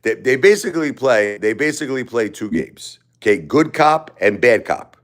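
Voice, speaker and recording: A man's voice: medium pitch, very animated, moderate pace. A grieving man hosting a livestream, rambling and repeating himself with emotion. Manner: repetitive, emotional, repeats phrases, chuckles between lines. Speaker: livestream host.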